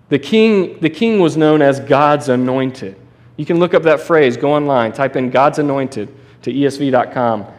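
Male pastor, fairly high voice, casual animated sermon delivery. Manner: conversational, animated preaching with restarts and asides.

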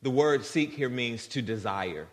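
A man's voice: mid-range voice, lively intonation, a little slow. Man preaching in a reverberant hall. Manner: conversational, earnest, addresses congregation directly. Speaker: guest preacher. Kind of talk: sermon. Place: church sanctuary.

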